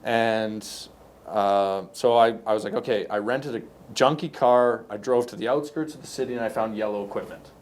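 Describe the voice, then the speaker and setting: Speaking at normal speed in a lowish voice, a middle-aged Canadian podcast guest who runs a construction company tells casual work stories. He rambles anecdotally and restarts frequently.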